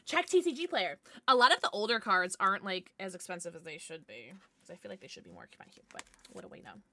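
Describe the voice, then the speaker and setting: Bubbly, lively woman streamer. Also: medium pitch, fast. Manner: bubbly, excitable, swears casually. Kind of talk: casual livestream chat.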